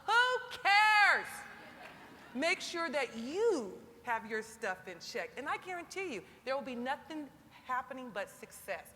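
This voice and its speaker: A woman speaking on a senior enlisted panel in an emphatic, motivational way, building to animated exhortation. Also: high-pitched, normal speed. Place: large conference hall. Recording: long hall reverb with faint crowd noise.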